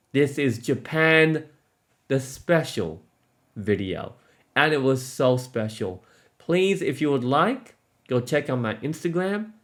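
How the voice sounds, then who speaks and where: A man's voice: fairly high pitch, fairly bright tone. A man vlogging about a trip, gushing and out of breath, restarting his sentences often. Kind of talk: excited travel vlog.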